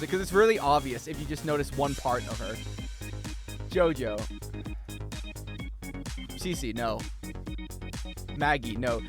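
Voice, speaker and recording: A man's voice: fairly high pitch, animated, a little slow, pauses often, soft background music. A young man, chatting casually on a gaming stream, joking, swearing freely and rambling. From United States.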